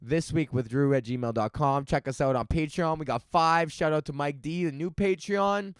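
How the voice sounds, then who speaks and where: A man's voice: a little high, moderate pace, clear, resonant tone, no room sound, studio quality. A man hosting a solo comedy podcast, crude and joking, often laughing as he rants. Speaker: podcast host.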